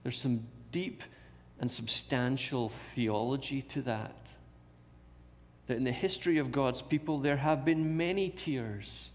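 A man's voice: mid-range voice, unhurried. A man preaching a sermon in a church, repeating key phrases and asking rhetorical questions. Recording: long reverb of a large hall.

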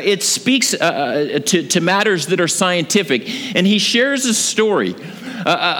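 A man preaching a sermon, telling a story with lively delivery and frequent ums and uhs. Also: high-pitched. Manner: animated storytelling with frequent fillers. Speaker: pastor. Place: church sanctuary. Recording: long hall reverb.

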